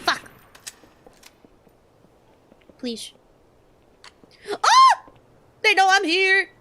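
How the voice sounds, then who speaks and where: A woman's voice: high-pitched, a little slow, very noisy. A woman streaming a shooter game, chatting casually, swearing and yelping at the action. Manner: excitable, swears and yelps at the game.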